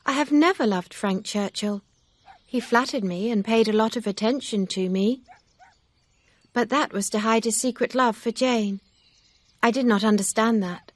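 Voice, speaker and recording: A woman voicing an earnest young gentlewoman in an audiobook reading, speaking quietly and with self-reproach. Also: on the high side, dry recording, voice pushed up, lightly acted.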